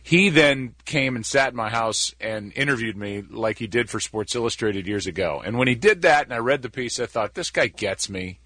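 A man's voice: mid-range voice, moderate pace, hardly any pauses, sharp tone, no room sound. Candid, self-deprecating man in his forties. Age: 40s. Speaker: guest, sports announcer. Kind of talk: relaxed conversational storytelling.

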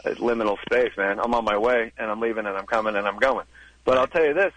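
A man's voice: fairly low pitch, quick pace, fairly bright tone. A man, a comedian calling into a radio show, telling rambling stories and acting out voices over a phone line. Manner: rambling storyteller, acts out voices. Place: car in the woods.

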